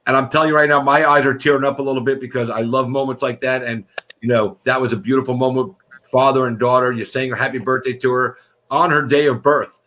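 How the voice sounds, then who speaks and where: A man's voice: mid-range voice, fairly even intonation, fast talker, sharp tone. A man hosting a casual live-streamed fighter interview show, effusive and rambling, with casual swearing.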